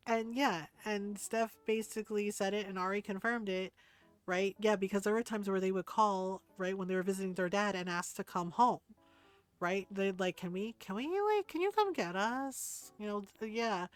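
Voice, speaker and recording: Candid, swearing middle-aged woman streamer. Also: mid-range voice. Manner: candid storytelling, swears freely, laughs often. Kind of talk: casual chat while gaming.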